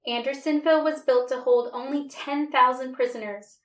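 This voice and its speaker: A woman reading a storybook aloud with an expressive, dramatic delivery. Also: sits high, normal speed. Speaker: storybook reader. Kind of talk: read-aloud storybook narration. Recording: roomy, distant mic.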